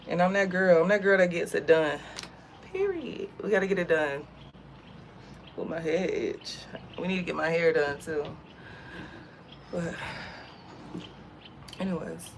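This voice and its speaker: Speaking at normal speed in a low voice with frequent pauses, a young American woman vlogs outside. Her storytelling is lively, chatty and slangy, and the recording has a little hiss or hum.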